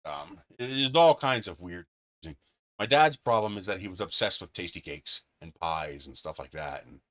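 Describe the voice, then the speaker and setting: Deep and animated, his voice moves at a normal speed with a pushed, bright edge. He's running a live stream, chatting casually and telling stories with delight, laughing frequently and swearing freely.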